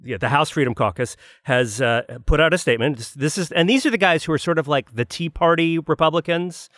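A man's voice: a little high, fairly quick, a bit bright, no echo, clean studio sound. A man co-hosting a podcast roundtable, explaining a policy point carefully and qualifying his claims as he goes. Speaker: podcast co-host, magazine editor. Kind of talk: casual roundtable discussion.

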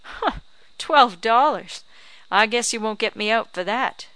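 A sharp-tongued old backwoods crone, as a woman reader puts her on, pitched a little high and bright. She scolds and bargains with scornful bite, in a dry, clean storybook reading. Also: moderate pace, smooth, no room sound. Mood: tart haggling. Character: shrewd old backwoods woman, tart and haggling. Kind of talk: audiobook character reading.

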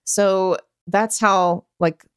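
Woman, podcast co-host, casual chat, laughs a lot, swears, mid pitch, very dry close sound. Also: steady tone, very slow, clear, resonant tone, no room sound. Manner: laughs often, reads aloud dramatically, swears casually.

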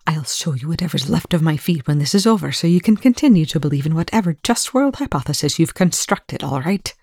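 A cold, arrogant older scientist, voiced by a reader, speaking low and hushed in clipped phrases. The recording is dry and close. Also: moderate pace, breathy edge, no echo. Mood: irritated.

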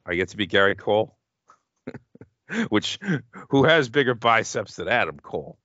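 A man's voice: fairly low pitch, sing-song, measured pace, pushed and bright, no echo, dull audio. A man co-hosting a podcast in casual chat, joking, laughing often and swearing freely. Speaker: podcast co-host. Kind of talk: casual chat watching old wrestling.

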